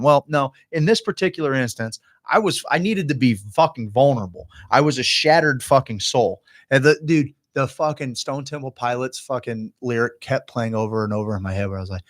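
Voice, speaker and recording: A man's voice: mid-range voice, fairly quick, hardly any pauses, a bit bright. Profane, rambling man telling a story. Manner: heavy swearing, emotional and rambling; quotes his own past thoughts aloud. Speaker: podcast guest. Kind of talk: casual podcast storytelling.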